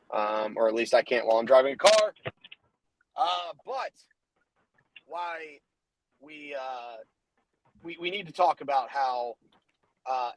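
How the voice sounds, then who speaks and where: A man's voice: medium pitch, no room sound, poor audio. A man hosting a casual sports betting podcast, talking loose and hyped with lots of fillers, recorded from his car while driving. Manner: loose, hype, rambling with fillers and restarts. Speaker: podcast host.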